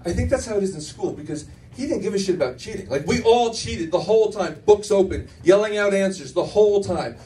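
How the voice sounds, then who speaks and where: A man's voice: sits high, lively intonation, brisk, hardly any pauses, warm tone, distant mic. A middle-aged man doing a stand-up routine, telling brash, profane stories with self-mocking asides. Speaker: stand-up comedian. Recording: faint room noise, mic from afar.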